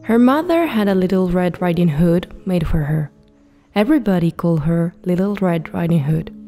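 A woman reading a fairy tale aloud as the storyteller, in a steady, plain manner. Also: on the low side, moderate pace, soft background music.

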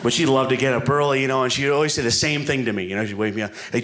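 A man's voice: mid-range voice, steady tone, very fast, fairly bright tone. A man doing a rambling, self-deprecating stand-up routine on a comedy club stage, speaking into a handheld mic. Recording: live comedy set with room noise.

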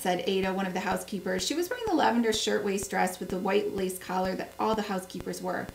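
A woman's voice: mid-range voice, fast, vocal fry, hardly any pauses, reverberant, distant mic, slight background noise, rough recording. A woman reading a cozy mystery aloud, giving the characters small voice shifts. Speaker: book club host reading aloud.

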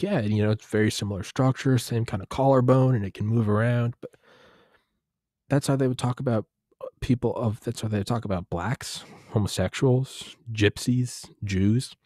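A man's voice: mid-range voice, warm tone, breathy edge, dry recording, clean studio sound. A young man talking in a casual, rambling monologue, profane and digressive, often restarting his sentences.

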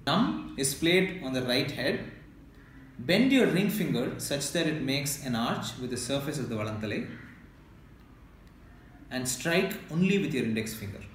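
A man teaching beginner drum strokes in a slow, patient way, counting beats aloud and demonstrating. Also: medium pitch, sing-song. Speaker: mridangam teacher. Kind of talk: instructional lesson. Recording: very echoey room, mic at a distance, loud noise.

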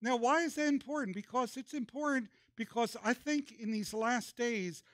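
High-voiced man preaching a sermon. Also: moderate pace, a bit bright, no echo, studio quality. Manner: preaching with call-and-response prompts. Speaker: pastor. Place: church.

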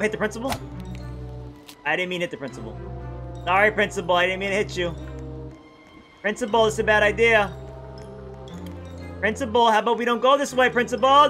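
A young man giving playful, excitable commentary while playing a video game, often yelling at the game. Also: sits high, fairly quick, long pauses. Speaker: gaming youtuber. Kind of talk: let's play commentary. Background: game music.

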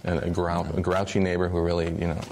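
A man's voice: deep voice, little pitch movement, fast talker, darkish tone, slight background noise. A man in a documentary interview, talking about a comic strip in a conversational, anecdotal way.

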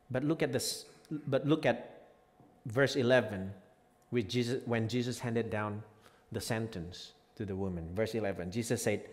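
A man preaching a sermon as pastor, moving from quiet reflective lines to loud, emphatic peaks. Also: on the low side. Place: church sanctuary. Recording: reverberant church hall.

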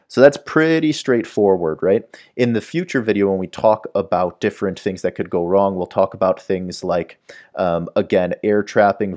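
Man, lowish voice, whiteboard lecture, explanatory, keeps asking "right?". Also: a little mellow. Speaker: medical educator.

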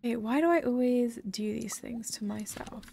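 A woman's voice: fairly high pitch, moderate pace, vocal fry, mellow, slight background noise. A young woman chatting casually on a live game stream, rambling and giggling as she talks to her viewers. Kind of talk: casual live-stream chat while gaming.

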